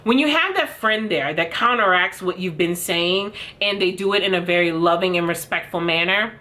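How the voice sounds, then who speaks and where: A woman's voice: on the low side, moderate pace, sharp tone. A young adult woman giving frank, sassy commentary to camera as a vlog host, addressing viewers as "girl". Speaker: commentary vlogger.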